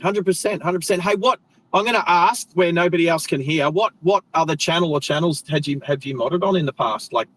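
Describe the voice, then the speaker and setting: A man's voice: fairly high pitch, fairly quick, fairly bright tone, rough recording. An Australian man hosting a live stream, chatting casually and rambling as he corrects himself mid-sentence. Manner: rambling, chatty, self-correcting, friendly slang. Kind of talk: casual live stream chat while driving.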